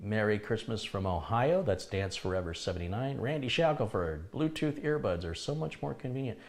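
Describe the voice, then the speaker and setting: A middle-aged man with a lowish, expressive voice runs a live chat stream at a moderate pace. He reads comments from viewers aloud, responds chattily, and laughs at his own remarks from time to time.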